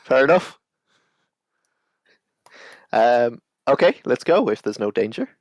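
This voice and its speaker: A man's voice: medium pitch, expressive, takes it slowly, dry recording. Stammering man playing a tabletop game. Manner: hesitant, stammering, laughing often. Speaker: player. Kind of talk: casual tabletop role-play.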